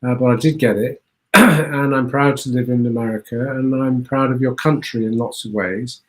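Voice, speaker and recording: An explorer appears as a guest in a relaxed, conversational interview. He speaks at an ordinary middle pitch, halting and repeating small words as he talks.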